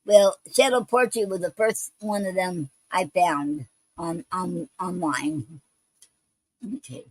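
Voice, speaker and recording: A woman's voice: fairly low pitch, takes it slowly, darkish tone, poor audio. A woman hosting a poetry show, reading poems and explaining a poetic form in a hesitant way, with many ums and restarts.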